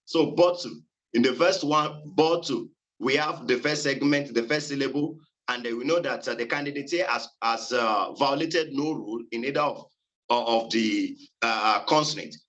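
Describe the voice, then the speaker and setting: A man presenting a seminar on phonology, reading in a halting way with many fillers and repeated words. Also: medium pitch, a bit bright, low-quality recording. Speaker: student presenter.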